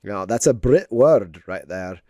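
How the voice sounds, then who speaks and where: The voice is lowish, expressive, and dark, at a measured pace, captured as a dry, studio-quality recording. A man streams himself drawing digitally, chatting in a rambling way with many fillers and jokey mock lessons.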